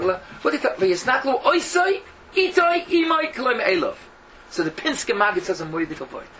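A man's voice: high-pitched, dull audio, background noise. A man, a rabbi, giving a Talmud lecture full of Yiddish and Hebrew terms, acting out the characters' questions as he tells the story. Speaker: rabbi teaching a class.

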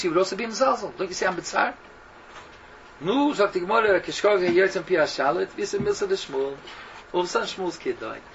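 A man's voice: sits high, sharp tone, lo-fi sound, a little hiss or hum. A man, a rabbi, giving a Talmud lecture full of Yiddish and Hebrew terms, acting out the characters' questions as he tells the story. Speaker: rabbi teaching a class.

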